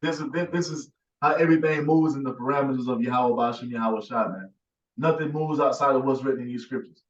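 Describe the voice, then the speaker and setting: A man's voice: medium pitch, fast. A man preaching with strong emphasis, tagging his points with "man" and "you see.". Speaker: teacher. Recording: echoey, distant, dull sound.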